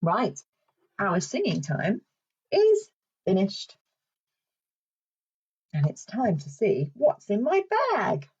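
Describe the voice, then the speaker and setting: A woman leading a children's song and story session in a playful sing-song way, speaking slowly and clearly for toddlers. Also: medium pitch, very animated, dull audio. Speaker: children's speech and language therapist.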